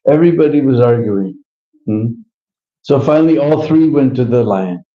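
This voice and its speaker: A man's voice: medium pitch, animated, moderate pace. A man telling a devotional story in a chatty way, adding chuckles and questioning "hmm?" asides, in a roomy, slightly dull live recording. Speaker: devotional speaker.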